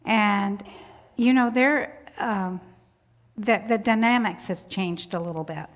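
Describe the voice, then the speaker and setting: A woman's voice: mid-range voice, slow pace. An older woman telling a personal story in an interview, chatty, laughing often as she acts out voices. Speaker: church volunteer interviewee. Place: church sanctuary. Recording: long church hall reverb.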